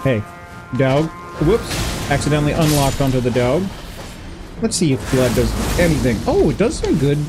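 A gameplay streamer with a mid-range voice chats at normal speed in a sing-song way over music. He rambles playfully through his casual game commentary, giggling and talking to the on-screen characters.

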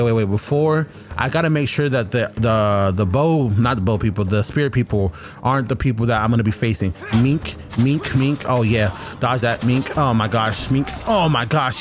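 A young man commenting on his own gameplay, chatty and excitable, trash-talking enemies as he fights. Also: mid-range voice, background noise. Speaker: gaming streamer. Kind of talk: let's-play commentary.

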